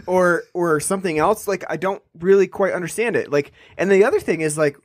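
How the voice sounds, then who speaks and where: A man's voice: high-pitched, brisk, no room sound. Rambling man on a dry mic. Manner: rambling, frequent restarts and fillers. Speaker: podcast co-host. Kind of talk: casual film review chat.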